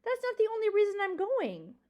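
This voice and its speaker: A small, anxious young mouse in a storybook, earnest and pleading, with a very high, lively voice a woman puts on. She sounds scared but determined. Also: a little fast, heavily acted. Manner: frightened, pleading.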